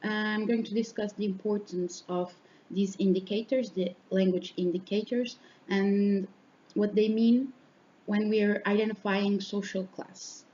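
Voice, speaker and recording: A young adult woman, a student, gives a class oral presentation and explains each point step by step, pausing often with fillers. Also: mid-range voice, fairly even intonation, mellow. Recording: dull lo-fi sound with faint noise.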